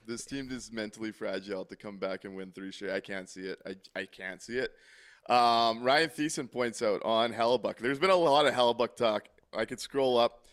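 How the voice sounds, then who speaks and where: A man's voice: lowish voice, fairly bright tone. A man co-hosting a call-in hockey post-game show, talking bluntly in casual chat, exasperated and swearing freely.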